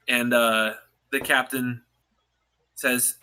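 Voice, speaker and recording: A man narrating a tabletop role-playing game as dungeon master, pausing often to clear his throat. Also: mid-range voice, steady tone, pushed and bright.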